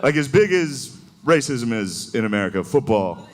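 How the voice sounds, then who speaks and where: Speaking at a moderate pace in a sing-song, mid-range voice, this man performs stand-up on stage for a live audience. He keeps it loose, laughs at himself, and does mocking voices while the crowd laughs.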